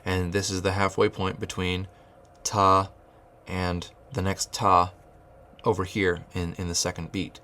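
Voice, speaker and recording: A man's voice: low voice, flat delivery, measured pace, bright, forceful tone. A man teaching rhythmic solfege, explaining note beams and chanting counting syllables, often restarting his phrases. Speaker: music teacher.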